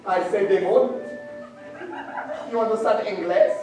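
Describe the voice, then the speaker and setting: A young man on a school stage playing Cyrano, a boastful long-nosed man posing as a lunatic fallen from the moon, with loud, wildly theatrical declamation. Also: sits high, steady tone, unhurried. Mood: manic, theatrical. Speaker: stage actor. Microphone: far room microphone. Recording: very echoey stage recording from far off, faint music.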